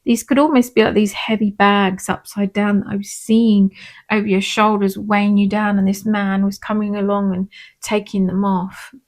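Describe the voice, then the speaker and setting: A woman, a tarot reader and medium, gently and reassuringly talking viewers through a pick-a-pile reading. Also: medium pitch, flat delivery. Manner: gentle, reassuring, unhurried, with frequent "um" and "I'm feeling".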